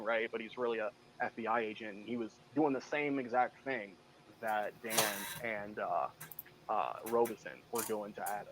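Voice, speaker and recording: A man's voice: medium pitch, moderate pace, rough recording. A man from Michigan talks through his stories in a loose, rambling way, packing in "you know" and "I said", and slips into other people's lines as he goes. His voice sits in a middle register. Faint noise hums behind him. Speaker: guest. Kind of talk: casual interview storytelling.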